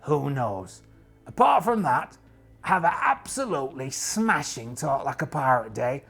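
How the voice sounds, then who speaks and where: A man hosts a solo tabletop game with a gravelly, husky voice that swings up and down as he talks. He is chatty and full of jokey asides, and his voice sounds tired and strained. Faint music plays underneath. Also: mid-range voice, very animated, a little slow, a bit bright.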